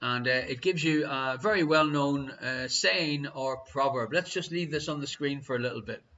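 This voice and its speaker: A man with an Irish accent hosting a live online quiz, chatty and teasing, reading each question slowly twice. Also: mid-range voice, sharp tone. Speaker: quiz host. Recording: dull lo-fi stream audio.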